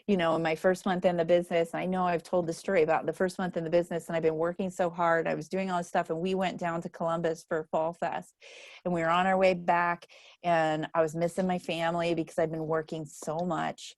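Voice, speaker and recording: The dry, studio-quality recording catches a middle-aged woman with a lowish voice, speaking fairly quickly with a flat delivery. She runs a book club's casual group chat, laughing a lot and voicing the people she quotes as she shares stories.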